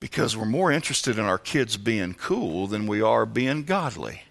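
A man preaching a sermon as pastor, who moves from low, measured talk to shouted preaching. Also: very animated, creaky. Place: church.

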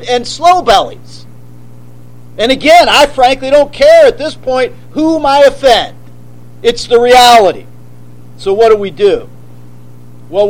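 Male pastor, very high voice, forceful sermon delivery with pointed rhetorical questions. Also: low-quality recording.

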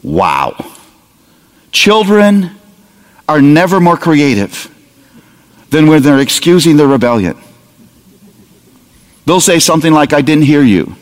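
A man preaching a sermon to parents, lively and humorous, acting out little scenes of talking to a child. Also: a little high, takes it slowly, long pauses. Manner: animated, humorous, acts out parent dialogue. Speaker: pastor. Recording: long hall reverb.

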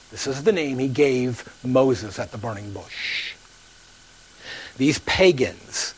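A man's voice: mid-range voice, poor audio. A male pastor preaching a sermon, acting out the story's characters and dropping at times to a near whisper.

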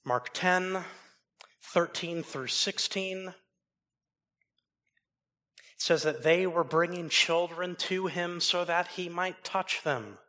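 A man preaching a sermon, swinging from loud emphasis down to low, soft asides. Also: takes it slowly, long pauses. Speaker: pastor.

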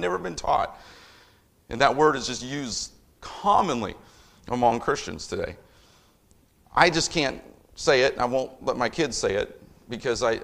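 A middle-aged man preaching a sermon as a pastor, emphatic, with loudness that rises and falls. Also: mid-range voice, gravelly.

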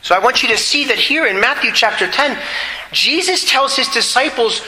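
A man's voice: very high voice, animated, moderate pace, sharp tone. A man preaching a sermon to a congregation, earnest and emphatic, repeating his key points. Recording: echoey hall with long reverb.

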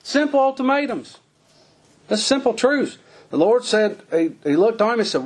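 A man preaching a folksy sermon, his voice climbing high on the emphatic lines. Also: sing-song, moderate pace.

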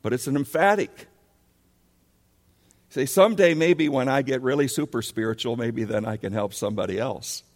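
A man's voice: mid-range voice, normal speed, pauses often. A male pastor preaching a sermon, emphatic, and he keeps rising into pleading questions. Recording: long hall reverb.

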